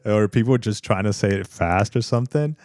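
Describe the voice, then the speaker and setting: A man from California hosts a relaxed livestream from home, with a voice that sits on the lower side. He rambles, restarts his sentences and laughs easily as he chats. The sound is dry and close, with no room echo. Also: brisk. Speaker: livestream host. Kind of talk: casual livestream chat.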